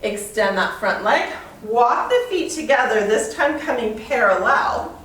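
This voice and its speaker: This yoga and fitness instructor guides a workout while exercising herself, breathless as she counts reps and cues moves. Her voice is a little high, a bit bright and animated, and a little slow. She's heard from a distance in a very echoey room.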